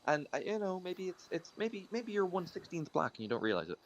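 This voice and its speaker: Man playing a nervous male foot doctor, stammering, lively pitch, faint noise behind. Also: fairly quick, lo-fi sound. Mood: flustered. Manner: stammering, hesitant.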